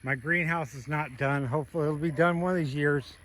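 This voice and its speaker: Farm vlogger, male, slightly high voice, coaxing his animals outdoors, faint background noise. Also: a little fast, fairly bright tone. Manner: talks sweetly to his goats in a coaxing voice. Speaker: homesteader showing his animals. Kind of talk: casual farm walkthrough vlog.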